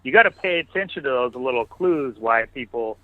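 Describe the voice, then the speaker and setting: A man, a podcast guest, telling stories in casual, animated interview talk. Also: mid-range voice, a little fast, no room sound. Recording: phone-like narrow line, dry.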